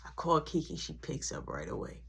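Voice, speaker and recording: A woman's voice: low voice, fairly quick, creaky, husky. A woman telling a story from her past in a casual vlog, acting out the people in it. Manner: animated, acts out every voice.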